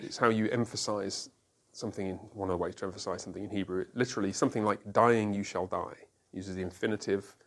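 Speaking in a lowish voice, a man guides a Bible study group. He asks questions of those present and walks through every point methodically, drawing on ordinary, everyday examples.

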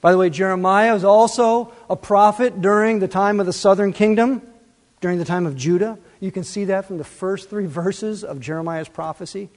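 A man preaching a sermon, animated and full of rhetorical questions, swinging between loud and soft. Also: sits high, normal speed. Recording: long reverb.

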